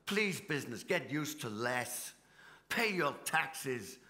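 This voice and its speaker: A man's voice: medium pitch, very animated, slow, background noise. A middle-aged man from Britain speaking in a panel debate, a union leader who talks passionately and builds his points with rhetorical repetition on a conference stage. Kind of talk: impassioned panel debate speech.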